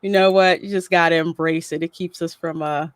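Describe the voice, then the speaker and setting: A woman's voice: lowish voice, fairly even intonation, fairly quick, dry recording. A woman hosting a casual livestream, chatty and laughing often as she greets viewers by name and reads their messages. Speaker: livestream host reading chat.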